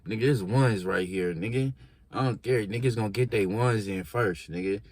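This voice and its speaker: A man's voice: on the low side, moderate pace. A young man casually telling a story in heavy slang, acting out the voices of the people in it. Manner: animated slangy storytelling, acts out quotes.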